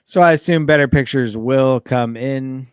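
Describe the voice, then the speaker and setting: A man's voice: mid-range voice, normal speed, smooth, dry recording, studio quality. A man hosting a casual podcast, reading out listener messages in a laid-back, rambling way. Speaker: podcast host.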